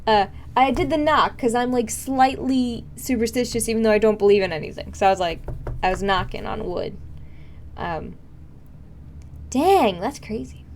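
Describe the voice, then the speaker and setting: Young woman, live streamer, casual rambling chat, filler-heavy, faint background hum. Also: on the high side.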